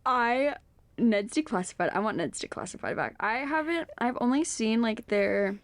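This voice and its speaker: A woman's voice: fairly high pitch, lively intonation, normal speed, dry recording. A woman in her twenties, co-hosting a podcast in casual chat. She tells stories with lots of "like" fillers and laughs often. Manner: chatty storyteller, laughs often, heavy "like" filler. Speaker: podcast co-host.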